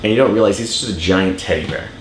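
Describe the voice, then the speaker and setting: Excitable low-voiced man, echoey room. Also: fast, slight background noise. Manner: excited and emotional, acts out quotes. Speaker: documentary director. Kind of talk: casual interview. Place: film festival.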